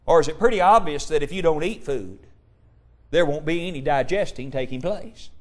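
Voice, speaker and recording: Male preacher, fairly high voice, emphatic sermon delivery, pressing rhetorical questions. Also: animated, normal speed, darkish tone. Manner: quotes scripture in old-fashioned wording.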